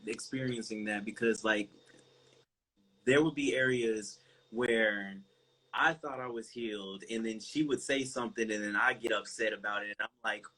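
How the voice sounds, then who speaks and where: A young man, a guest in a casual interview, relaxed and halting, with many "like" fillers. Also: on the low side, rough recording. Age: young adult.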